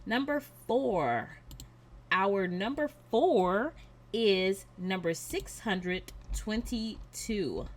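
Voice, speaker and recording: A woman hosts her craft channel and announces the winners of a viewer giveaway. She speaks in an unhurried, deliberate way, reading each name and number with care. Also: medium pitch, lively intonation. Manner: slow and deliberate, reading out names and numbers carefully.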